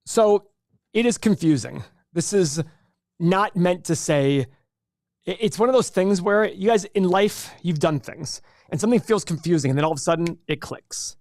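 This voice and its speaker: A fairly high-voiced man leads a live investing class, talking with energetic, animated enthusiasm. His voice is close and dry, with no room sound around it. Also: moderate pace, no echo. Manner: energetic, animated salesman pitch. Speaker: host teaching an investing class. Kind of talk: live webinar teaching.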